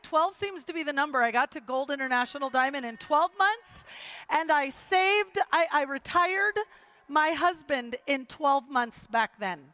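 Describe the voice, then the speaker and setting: High-voiced woman giving an emphatic motivational talk. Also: lively intonation, a little slow, bright, forceful tone. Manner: emphatic, repetitive, storytelling with quoted dialogue. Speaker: motivational speaker. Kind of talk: motivational speech to a live audience.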